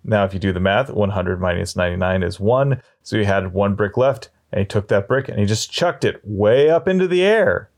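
A man telling long shaggy-dog jokes in a deadpan way, slowing down and pausing as he builds them up. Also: fairly low pitch. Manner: deadpan, drawn-out storytelling with slow pauses. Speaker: storyteller.

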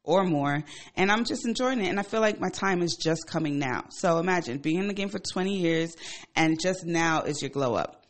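A woman in her forties, a radio show host, telling a personal story in a casual, animated and profane way. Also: moderate pace. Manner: animated and profane, with emphatic swings in pitch and loudness.

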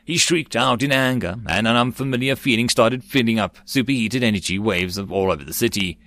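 A man narrating a web-novel audiobook in a steady storytelling manner. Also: medium pitch, fairly quick, no echo. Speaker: audiobook reader.

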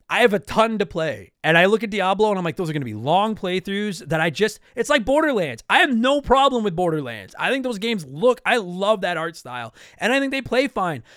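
A young man from Canada chats through listener questions in a high, lively voice that jumps all over the place. He rambles, restarts his sentences and apologizes often. The sound is close and dry, with no room around it. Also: clean tone, no room sound. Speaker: podcast host answering listener mail. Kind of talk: casual chat.

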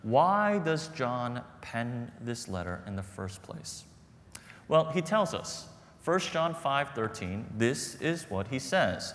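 A man's voice: medium pitch, big pitch swings, takes it slowly, a bit bright, in a large hall. A man preaching a sermon as pastor, earnest and storytelling, repeating phrases for emphasis.

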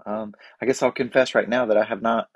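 Easygoing man in his forties, low voice. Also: fairly even intonation, a little fast, husky, no echo. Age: 40s. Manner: easygoing, rambling with fillers and restarts. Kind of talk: casual reflective chat.

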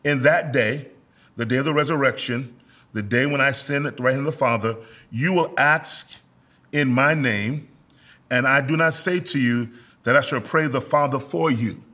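Animated pastor preaching with call-and-response. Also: male voice. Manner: rises to loud, high exhortation; slows down to stress key words. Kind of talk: sermon.

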